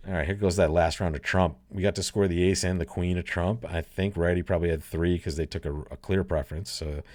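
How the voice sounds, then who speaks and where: A man's voice: deep voice, darkish tone, no echo, studio quality. A man giving a casual bridge lesson while he plays, thinking aloud, laughing often and calling his listeners folks. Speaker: bridge teacher. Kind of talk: casual play-along bridge lesson commentary.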